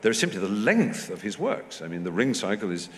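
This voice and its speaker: A man in his fifties with an English accent, telling anecdotes on stage with animated asides. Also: on the low side, a little fast. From England. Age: 50s. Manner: anecdotal, animated, mimics voices in quotes. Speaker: festival speaker. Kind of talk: onstage talk with audience. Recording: hall reverb, faint noise.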